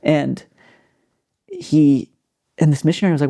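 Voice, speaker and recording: A man hosting a podcast, telling a story in a casual, animated way with lots of fillers. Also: mid-range voice, normal speed, creaky. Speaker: podcast host.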